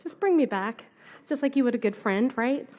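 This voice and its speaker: A woman's voice: a little high, animated, moderate pace, darkish tone. A young adult woman from Canada with a cold, giving a casual, rambling conference talk full of fillers. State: has a cold, on cold medicine. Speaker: conference speaker. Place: conference hall.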